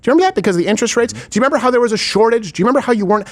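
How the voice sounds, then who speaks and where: Animated sarcastic male political host. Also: very high voice, racing. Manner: animated, sarcastic, rhetorical questions. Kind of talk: political commentary chat.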